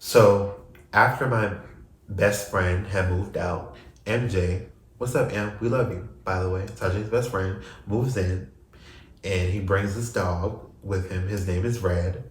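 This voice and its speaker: A man's voice: sits low, takes it slowly, roomy sound. A young man telling a personal story to camera in a casual, rambling way, full of emotion. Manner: rambling, emotional, swings from crying to laughing. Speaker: vlogger.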